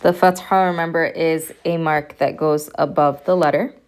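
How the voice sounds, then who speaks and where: A woman's voice: low-pitched, fairly even intonation, moderate pace. A woman professor giving a recorded lecture, patiently repeating sounds for her students to hear. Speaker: Arabic language professor.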